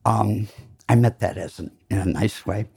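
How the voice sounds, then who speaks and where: A man's voice: on the low side, steady tone, normal speed, gravelly, warm tone, husky. An older man giving a lecture, telling rambling, self-deprecating anecdotes full of fillers. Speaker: lecture speaker. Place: lecture hall.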